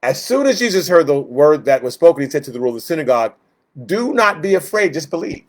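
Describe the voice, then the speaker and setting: A man's voice: on the high side, sing-song, fast talker. A man leading a Bible study, teaching in a conversational way, with lots of fillers, who acts out the voices in the stories he retells.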